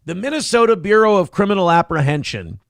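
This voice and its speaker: A man riffs sarcastically as a morning-show host, his voice fairly high with a gravelly edge. His pitch swings widely as he rants. The sound is dry and close. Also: quick pace, dry recording. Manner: animated, sarcastic, swears freely. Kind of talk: casual opinionated chat.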